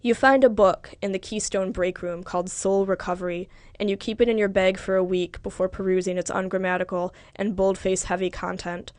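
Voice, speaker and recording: A woman narrating literary fiction in the second person, measured and wry. Her voice is smooth and resonant, set in a dry, close recording with no room echo. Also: mid-range voice, flat delivery, a little mellow. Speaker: audiobook narrator.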